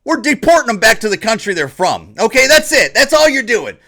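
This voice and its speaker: A man's voice: extremely high pitch, sing-song, a little fast, sharp tone. A man from Ohio hosting an opinion podcast, ranting in a repetitive, combative monologue and mocking others. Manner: mocks others in put-on voices. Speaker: podcast host.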